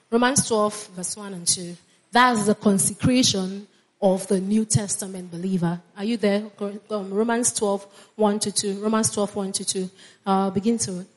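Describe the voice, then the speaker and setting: A woman preaching a sermon with fervor, repeating phrases and calling on the congregation to answer back. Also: medium pitch. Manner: fervent, repeats phrases, calls on congregation to respond.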